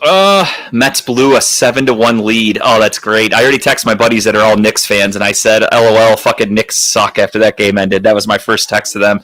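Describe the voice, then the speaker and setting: A man co-hosting a casual sports podcast, talking football picks in an animated, joking way and swearing freely. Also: on the low side, brisk, few pauses, no room sound. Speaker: podcast co-host.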